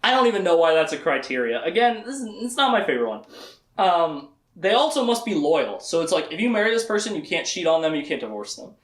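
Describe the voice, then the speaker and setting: A lively man with a fairly high voice gives a casual, comedic book lecture to a small audience, jumping into quick impressions of the characters. His pitch swings widely. The room is echoey. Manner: animated, acts out characters' lines with quick voice shifts.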